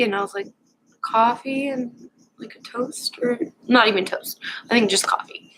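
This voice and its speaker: A young woman vlogger casually telling a personal story at home, rambling and halting with lots of fillers. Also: medium pitch, fairly bright tone, rough recording.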